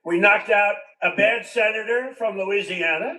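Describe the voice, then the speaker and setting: At a big rally with a crowd, an older politician delivers a repetitive, rambling speech laced with asides. His voice sits high, pushed and bright, at a measured pace, and the sound is roomy and distant.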